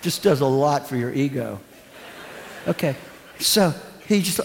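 A man's voice: sits high, lively intonation, a little fast, slight background noise. A man preaching a sermon, telling a humorous story with playful character voices. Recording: long church reverb, faint ambience.

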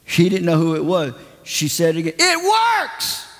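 A man's voice: a little high, steady tone, a little fast. A man preaching a sermon, telling a story animatedly and acting out the voices of the people in it. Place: church. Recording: long church reverb.

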